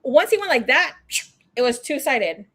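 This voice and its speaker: A woman's voice: high voice, very animated, normal speed, fairly bright tone. A young woman hosting a tarot livestream, telling stories in a frank, profane, chatty way and slipping into Spanish phrases. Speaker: tarot reader livestream host. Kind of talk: casual storytelling chat.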